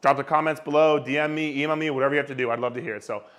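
A man's voice: mid-range voice, fairly even intonation, rapid-fire, fairly bright tone. A man talking to camera as a fitness coach, ranting bluntly and emphatically, repeating his points and swearing. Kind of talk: direct-to-camera rant.

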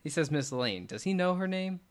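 A man's voice: on the high side, expressive, a little fast. A man hosting a casual podcast chat, reading script lines aloud and adding jokey asides. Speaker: podcast host.

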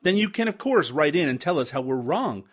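Male podcast host, fairly high and very lively voice, wisecracking. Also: brisk, husky. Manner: sarcastic, joking, laughs often. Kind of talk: casual chat.

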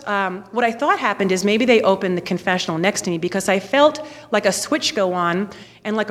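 Lady in her 40s telling her faith story, acts out everyone's voices, slightly low voice, big echoey hall. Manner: animated storytelling, acting out voices. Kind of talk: personal testimony. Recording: long reverb, hall.

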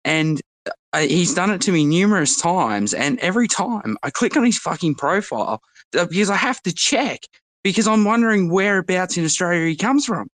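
Blunt man on an audio chat, slightly high voice, dry and close, swears constantly. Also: expressive, normal speed, fairly bright tone, no echo. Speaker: chat participant. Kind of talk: casual chat.

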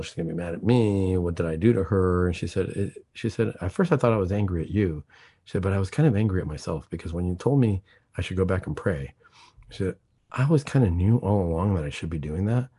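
Male talk host, psychiatrist, storytelling delivery, low pitch, husky and dark. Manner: animated, retells dialogue in quoted voices.

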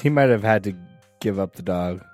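A man's voice: on the low side, a little fast, a little mellow, dry recording, soft background music. A man co-hosting a podcast in casual chat, making laid-back, dry remarks. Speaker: podcast co-host.

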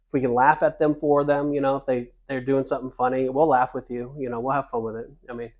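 A man's voice: medium pitch, fast, dull audio. Man telling a story on a podcast. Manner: animated storyteller, laughs while telling. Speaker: podcast co-host. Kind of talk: casual chat. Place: cruise ship.

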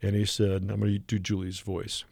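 A man telling a lively anecdote as a radio guest, acting out the people he quotes. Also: lowish voice, a little fast, gravelly, no echo. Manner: animated anecdote teller who acts out the people he quotes. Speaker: guest artist and illustrator. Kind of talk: radio interview storytelling. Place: radio studio.

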